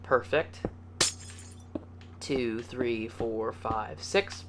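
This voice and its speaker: A man's voice: mid-range voice, extremely slow, music in the background. A man hosting a casual video game building tutorial, upbeat and chatty, counting blocks aloud as he goes. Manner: upbeat and chatty, playful words, easygoing.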